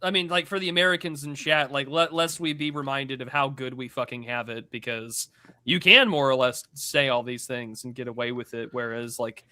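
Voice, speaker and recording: A man's voice: mid-range voice, steady tone, pushed and bright, no room sound. A man co-hosting a podcast in casual, rambling chat, swearing freely. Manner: rambling, profane, quick asides. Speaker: podcast co-host.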